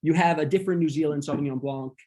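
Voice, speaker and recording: Male instructor, husky tone, loose and filler-heavy delivery, teaching over a video call. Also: on the high side, quick pace. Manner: relaxed, many ums, talks through slides. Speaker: wine workshop instructor. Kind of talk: casual online class lecture.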